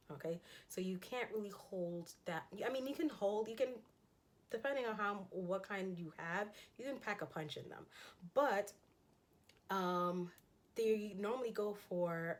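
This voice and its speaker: A woman talking casually through a fashion haul in a chatty, enthusiastic way, with frequent ums and laughs. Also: lowish voice. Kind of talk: casual haul chat showing items.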